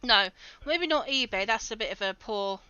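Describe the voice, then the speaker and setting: A woman's voice: on the high side, expressive, normal speed, bright, forceful tone, smooth, dry recording, highs cut off. A woman streaming a game, chatting casually with her viewers and laughing often. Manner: giggly, chatty, talks to chat. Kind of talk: casual livestream commentary.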